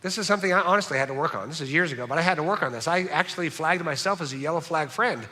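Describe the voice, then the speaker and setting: A man's voice: a little high, racing, bright, forceful tone. A middle-aged man preaching a sermon as pastor, in a conversational, joking and self-deprecating way, in a church sanctuary. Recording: reverberant church hall.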